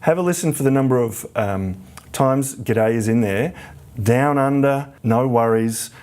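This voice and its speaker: A man's voice: mid-range voice, unhurried, darkish tone. An Australian man hosting a podcast, explaining things with enthusiasm in casual talk. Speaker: podcast host.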